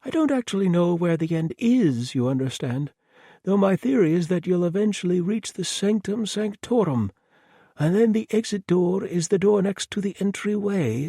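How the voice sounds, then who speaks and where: A chirpy, polite murderer. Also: male voice, high voice, creaky, mellow, husky, no room sound, clean studio sound, pitched above the performer's own voice, exaggerated voice. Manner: chirpy, apologetic, oddly reasonable. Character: cheerful, polite, remorseless male murderer. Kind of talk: audiobook character voice.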